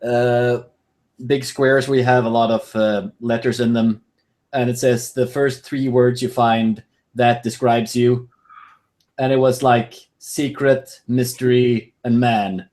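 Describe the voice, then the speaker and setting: A man's voice: mid-range voice, little pitch movement, slow pace, a little mellow. A man chatting casually and in an amused, laid-back way. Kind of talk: casual chat.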